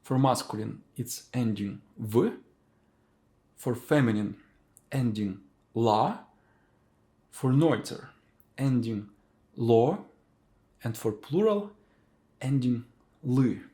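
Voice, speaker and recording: A man teaching a language lesson, saying each word slowly and repeating it for learners to copy. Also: medium pitch, animated, mellow. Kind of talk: slow spoken language lesson.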